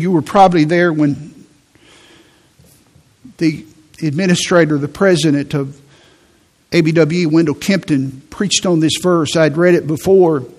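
A man preaching a sermon in a conversational way, repeating words and slowing down for emphasis. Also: a little high. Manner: conversational preaching with repetitions and slow emphatic phrases. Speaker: pastor.

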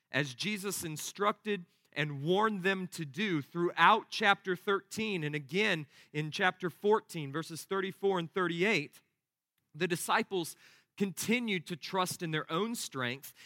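A man's voice: high-pitched, bright, forceful tone, no echo, studio quality. A man preaching a sermon, emphatic and exhorting, with repeated driving phrases. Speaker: pastor.

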